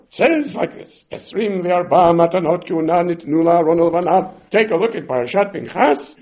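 A man teaching a Talmud lesson, animated and acting out the voices of the sages and side characters as he explains. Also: a little high, vocal fry.

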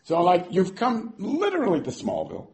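An animated man teaching a scripture lesson. His voice is fairly high and swings widely in pitch. He restarts and repeats words as he goes and drops in Hebrew terms. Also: normal speed. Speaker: Torah teacher.

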